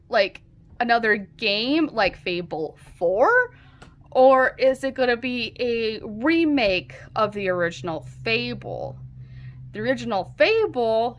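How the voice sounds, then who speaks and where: Woman book vlogger, chatty and excitable, rambles with lots of "like", voice sits a bit high. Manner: rambling, excitable, heavy use of "like". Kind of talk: casual vlog chat. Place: home.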